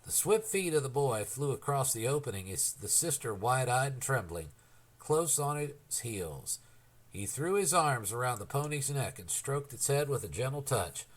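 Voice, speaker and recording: Sex: man. Role: audiobook narrator. Style: scripted narration. Pitch: middle, lively intonation. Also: normal speed.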